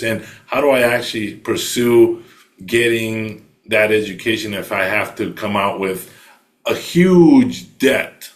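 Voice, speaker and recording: A man hosting an interview, asking long, winding, encouraging questions. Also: on the low side. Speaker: podcast host.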